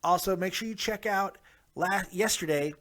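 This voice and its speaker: A man with a fairly high voice hosts a casual review vlog. He talks straight to his viewers, upbeat and rambling. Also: normal speed, fairly bright tone. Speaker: wrestling show reviewer, host.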